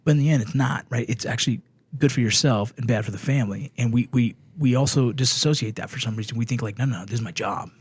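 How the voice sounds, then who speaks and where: Man, middle-aged, fast, husky, profane animated storyteller, dry studio sound. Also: medium pitch, no echo. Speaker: podcast guest, former Army Ranger and border patrol. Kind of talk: casual podcast chat.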